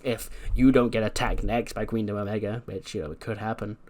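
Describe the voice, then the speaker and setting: A man's voice: lowish voice, steady tone, fairly quick, a little mellow, natural voice. A man voicing a combative, boastful female wrestler who rambles and restarts her words. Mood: scolding.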